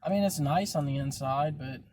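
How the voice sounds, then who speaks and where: A man's voice: fairly high pitch, moderate pace. A man chatting casually from inside a moving car as podcast host, grumbling and swearing a lot. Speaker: podcast host, delivery driver. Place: inside a car while driving. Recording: loud car road noise. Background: car engine and road noise.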